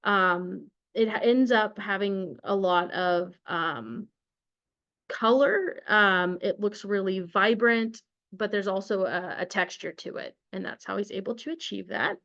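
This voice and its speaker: A woman's voice: mid-range voice, unhurried, a bit bright, dull audio. A young woman hosting an online book study in a chatty, casual way, with plenty of fillers and restarts. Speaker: study group host.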